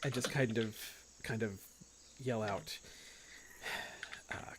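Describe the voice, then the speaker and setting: A man's voice: fairly low pitch, fairly even intonation, takes it slowly, pauses often, fairly bright tone, slight background noise. A man running an online tabletop game as game master, narrating loosely with lots of "like" and "kind of". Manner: loose and rambling, full of "like" and "kind of".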